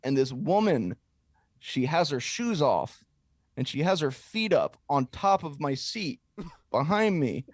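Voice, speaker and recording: A man's voice: a little high, measured pace, dry recording, clean studio sound. A young man co-hosting a podcast, telling a long embarrassing story in casual, rambling chat with plenty of swearing. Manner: animated, swears freely, rambling anecdote. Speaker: podcast co-host.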